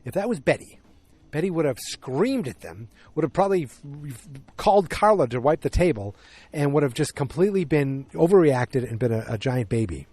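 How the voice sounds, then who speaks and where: A man hosting a casual solo podcast. He retells the story in a rambling way, with lots of fillers, self-corrections and excited asides. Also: on the high side, a little fast. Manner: animated, exclamatory asides. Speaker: podcast host.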